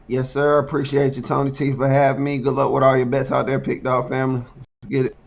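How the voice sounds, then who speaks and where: Gravelly, flat-voiced man on lo-fi audio. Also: mid-range voice, fast talker. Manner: laid-back, with hesitant um and uh fillers. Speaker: boxing betting analyst guest. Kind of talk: casual chat.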